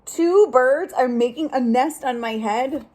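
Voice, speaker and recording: A woman's voice: high-pitched, a little slow, a little mellow. A woman voicing a worried, fussy male elephant in a storybook read-aloud, talking in an anxious, complaining way.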